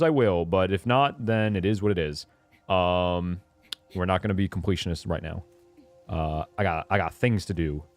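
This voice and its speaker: A young man streaming a video game, chatting casually, often interrupting himself and breaking into laughter and excited high squeals. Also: dry recording. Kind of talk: casual gameplay commentary.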